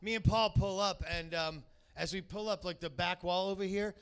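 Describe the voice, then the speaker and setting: A man's voice: sits high, steady tone, moderate pace, a bit bright, smooth. A man doing a rambling, crude stand-up comedy set in a comedy club, baiting the crowd and heavy on filler words.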